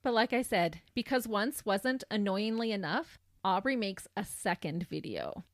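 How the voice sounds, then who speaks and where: A woman's voice: medium pitch, animated, unhurried, dry recording, studio quality. A woman hosting a podcast, recounting a true crime case in a sardonic storytelling manner. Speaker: podcast host.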